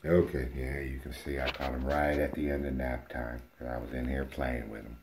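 Low-voiced man cooing at puppies. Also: level tone, normal speed, darkish tone. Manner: coos playfully at puppies, sometimes whispering. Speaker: dog breeder. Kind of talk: casual home video talking to puppies. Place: indoor room at home.

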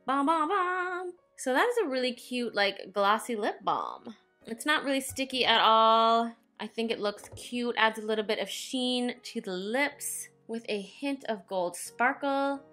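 Bubbly young woman doing a makeup review at home, crisp bright voice, kinda high, little music under it. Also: unhurried. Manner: chatty, playful, breaks into song and jokes. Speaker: beauty vlogger. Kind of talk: casual makeup review chat. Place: home, indoors.

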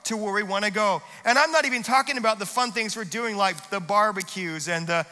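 A man preaching with a very high, bright and forceful voice. He delivers a lively sermon and pushes up into shouted declarations. A long church-hall reverb trails after his words. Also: a little fast. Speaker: pastor. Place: church auditorium.

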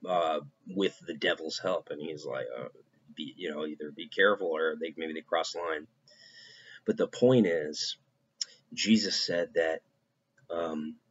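A man giving an informal devotional talk, casual and halting, with many fillers. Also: deep voice, slightly rough. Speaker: preacher. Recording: dull lo-fi recording.

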